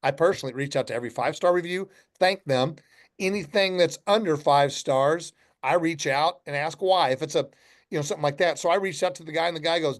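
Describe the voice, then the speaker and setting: Guesting on a podcast, this middle-aged man who founded a company speaks fairly fast in a voice on the high side. He shares blunt, folksy anecdotes in a casual interview, playing both himself and his customers and swearing now and then.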